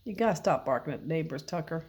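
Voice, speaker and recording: A woman's voice: sits low, animated, fast, a little mellow. A woman vlogger talking to her dog in a playful, mock-scolding way, asking him questions.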